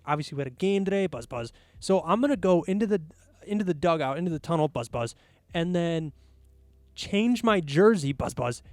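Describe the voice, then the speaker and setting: A man hosting a solo sports podcast, ranting in an animated, exasperated way with mocking asides. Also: on the high side, no room sound. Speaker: podcast host.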